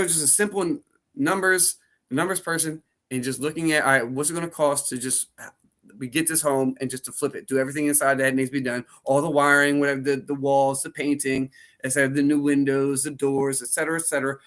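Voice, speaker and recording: A man's voice: on the high side, steady tone, a little fast, a bit bright. A man co-hosting a podcast, rambling casually with lots of fillers and restarts. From New Jersey. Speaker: podcast co-host. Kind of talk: casual chat.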